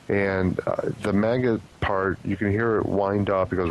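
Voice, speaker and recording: A man's voice: on the low side, steady tone, normal speed, few pauses, low-quality recording. A man being interviewed as a paranormal investigator, explaining his theories in an earnest, speculative way. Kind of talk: casual podcast interview.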